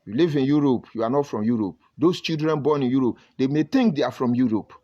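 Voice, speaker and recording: A man's voice: mid-range voice, quick pace, warm tone, muffled recording. A Nigerian man with a Nigerian accent giving emphatic live-stream commentary and greeting viewers from the comments. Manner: emphatic, preachy, reads viewer comments aloud. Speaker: online broadcaster.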